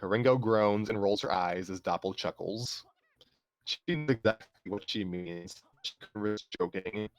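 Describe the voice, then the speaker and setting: A man calmly narrating a fan story aloud on a livestream, steady with small restarts. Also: on the low side, a little slow, dry recording, soft background music. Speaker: storyteller host.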